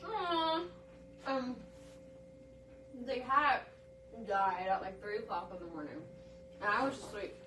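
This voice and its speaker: A young woman telling a story in a casual livestream chat, animated and laughing as she talks, picked up by a phone camera. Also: medium pitch, slow, pauses often, a little hiss or hum, low-quality recording. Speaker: livestream guest. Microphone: filmed on a phone camera.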